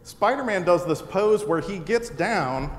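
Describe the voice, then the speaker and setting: A man's voice: sits high, lively intonation, measured pace. A man hosting a live show, telling a funny personal story to an audience with laughter in his voice. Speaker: podcast host. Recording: echoey hall with a live audience.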